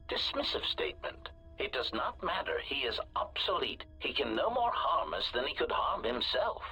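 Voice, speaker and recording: A man voicing a cold, scheming droid mastermind in a video game, clipped and flat, labelling each statement before he says it, heard under game music. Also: medium pitch, slightly rough, full character voice. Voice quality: flat mechanical delivery.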